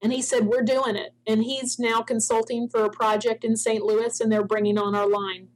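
A middle-aged woman tells a business story as an interview guest, her voice sitting a bit high. She brings it to life, jumping up in pitch as she acts out what other people said. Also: normal speed, poor audio. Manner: animated storyteller, acts out quoted dialogue. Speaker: spa products founder, guest.

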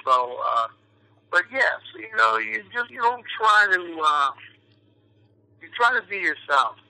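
Bright-voiced rambling New York man. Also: sits high, big pitch swings, unhurried, creaky, rough recording. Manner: rambling, full of fillers and restarts. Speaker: actor guest. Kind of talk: casual interview chat.

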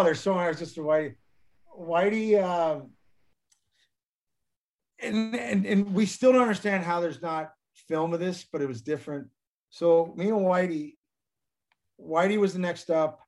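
Guest ex-player, man, slightly high voice, loose rambling anecdotes with laughs. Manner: rambling, laughing, many restarts. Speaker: former pro hockey player, guest. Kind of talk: casual storytelling interview.

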